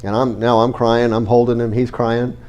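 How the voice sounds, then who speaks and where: A man's voice: medium pitch, flat delivery, normal speed, a little mellow. A middle-aged man with a cold, telling a story to a live audience in an earnest, conversational way. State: has a cold. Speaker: real estate investor giving a talk.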